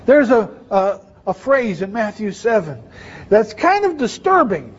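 In lo-fi audio, a man preaches in a conversational way, asking his audience questions. His voice sits high with big pitch swings, and he keeps a measured pace.

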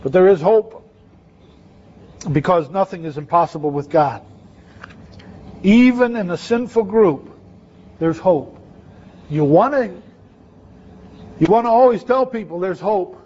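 Unhurried and taking long pauses, a man preaches a conversational sermon and asks his listeners questions. His high-pitched voice is a little mellow with lively intonation, and the audio sounds dull.

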